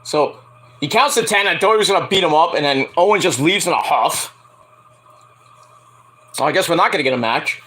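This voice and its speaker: A man casually reviewing a wrestling show, animated, laughing often and swearing freely as he mocks what he watched. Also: on the high side, brisk, pauses often. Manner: animated, laughing often, profane, playfully mocking. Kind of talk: casual reaction commentary.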